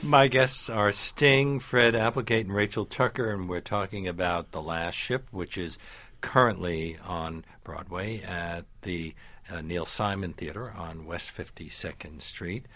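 A man with a lowish voice hosts a broadcast interview. He asks his guests questions in an inquisitive, conversational way. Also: unhurried, fairly bright tone, no echo. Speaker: radio interviewer, host.

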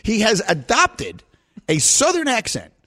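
A man from New York hosting sports talk radio, animated and joking. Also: high voice, a little slow.

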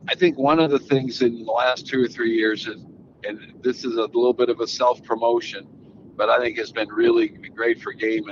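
An older man, a golf analyst guest, answering interview questions in a relaxed, rambling way with many restarts. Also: medium pitch. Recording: slightly dull audio with faint background noise.

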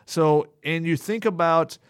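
A man's voice: fairly high pitch, unhurried, clear, resonant tone, dry recording, studio quality. A man with a Southern American accent, co-hosting a casual sports podcast and breaking down the players with lots of "you know" fillers.

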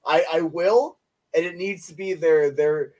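A young man co-hosts a podcast, chatting casually, joking around and laughing often in a playful way. His voice is a little high with a darkish tone, and he speaks a little slowly.

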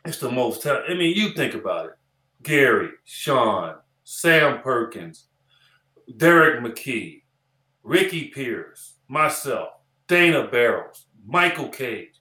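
A man in his sixties, a former player turned analyst, tells stories in an interview chat. His voice is bright and forceful, and he acts out quoted lines and repeats phrases for emphasis. The recording sounds roomy and echoey. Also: medium pitch, slow pace. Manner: animated storyteller who acts out quoted dialogue and repeats phrases. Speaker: former basketball player and analyst as podcast guest.

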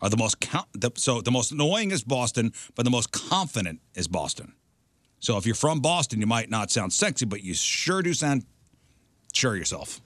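A man's voice: mid-range voice, sing-song, moderate pace, fairly bright tone, no room sound. A man hosting a radio talk show, casually reading out survey results and steering the banter. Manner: reads out survey results, leads the segment.

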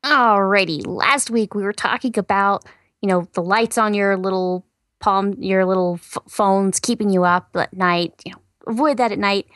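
A woman's voice: mid-range voice, moderate pace, a bit bright, dry recording, studio quality. Chatty woman co-host. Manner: chatty, many fillers like "you know" and "I mean". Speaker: science news co-host. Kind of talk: casual science podcast chat.

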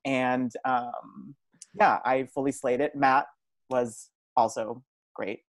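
A man's voice: medium pitch, steady tone, slow, vocal fry, dry recording. A man in his twenties, a podcast guest chatting casually and telling stories with self-amused flair.

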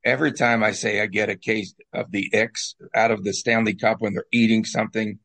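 A man co-hosting a casual hockey talk show, jokey and quick to laugh at his own bits. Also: on the low side, level tone, creaky, a bit bright. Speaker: sports talk co-host.

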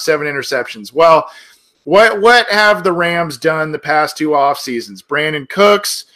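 A man's voice: on the high side, pushed and bright. A man hosting a sports podcast, talking casually with many fillers and restarts. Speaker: podcast host.

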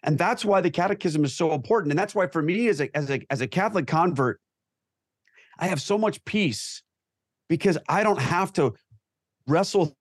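A man's voice: on the high side, animated, normal speed, dry recording. Earnest male guest, dry close sound. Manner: earnest, emphatic, reflective. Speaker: guest, Catholic convert. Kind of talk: earnest talk show discussion.

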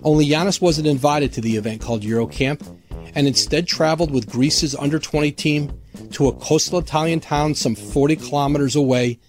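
A man gives scripted documentary narration in a measured, steady way. His voice sits a bit high, with faint music behind him.

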